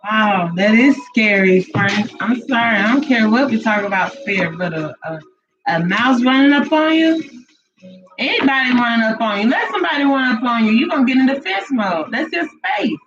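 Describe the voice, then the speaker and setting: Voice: medium pitch, lively intonation, moderate pace. A co-host of a live spiritual reading stream, chatting casually and encouragingly while greeting viewers and teaching. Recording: dull lo-fi livestream audio with faint music.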